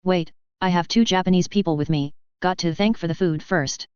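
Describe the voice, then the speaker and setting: A woman's voice: on the low side, brisk, darkish tone, clean tone, no echo, close to an everyday voice. Woman reading as a dry, blunt young man. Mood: wry. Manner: dry, matter-of-fact. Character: wry young man, laid-back and blunt. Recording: dull lo-fi recording.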